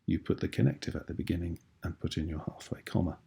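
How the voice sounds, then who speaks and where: Teaching a video lesson, this British man talks quickly and expressively in a voice that is low, gravelly, husky and a bit rough, yet warm. He goes through every point with patience and clarity.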